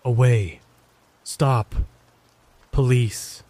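A man's voice: medium pitch, steady tone, drawn-out words, a little mellow. A man voicing an uncanny male stranger whose speech comes out strained, fragmented and disjointed. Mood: strained eerie.

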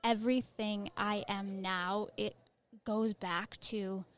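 A woman in her thirties talks easily and at length as an interview guest, her speech full of "like" and "um". She is an Army veteran with a relaxed, conversational way of speaking, pitched in a middling range. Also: slow, clean tone. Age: 30s. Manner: chatty, many fillers of "like" and "um". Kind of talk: casual interview chat.

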